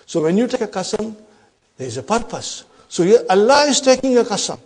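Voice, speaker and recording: A man teaching an Arabic grammar lesson in English, quoting verses quickly and often asking the class "huh?" to check they follow. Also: high-pitched, big pitch swings, a little mellow, slightly rough. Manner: recites Quranic Arabic quickly, then explains in English.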